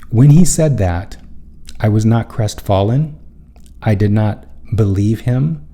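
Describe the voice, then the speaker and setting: A man's voice: fairly low pitch, lively intonation, slow, warm tone. A man hosting a spiritual self-help show, telling a personal story in an earnest, rambling way and often correcting himself mid-sentence.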